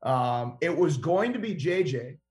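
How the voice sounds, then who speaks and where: A middle-aged man from Minnesota, a hockey head coach guesting on a podcast, answering with animated stories and acted-out dialogue. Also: fairly high pitch, measured pace. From Minnesota, USA. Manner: animated storyteller who acts out dialogue. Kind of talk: podcast interview.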